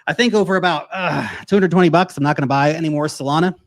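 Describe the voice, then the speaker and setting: A man's voice: fairly high pitch, quick pace. A man in his thirties from the United States, hosting a casual livestream Q&A and answering viewers' questions in a blunt, profane, emphatic way. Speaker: crypto livestream host.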